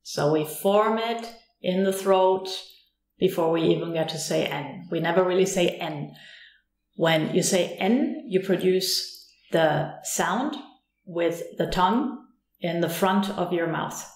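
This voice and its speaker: A German woman teaching a beginners' pronunciation lesson in English, modelling each sound slowly and repeating it with care. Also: on the low side, reverberant. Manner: slow, deliberate modelling of sounds with careful repetition.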